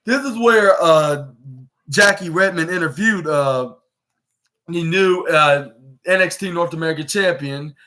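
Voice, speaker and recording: A man with a somewhat high voice talks through a wrestling recap on his podcast. He rambles casually, stacking up fillers and restarting his sentences as he goes. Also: measured pace, bright, forceful tone. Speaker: podcast host.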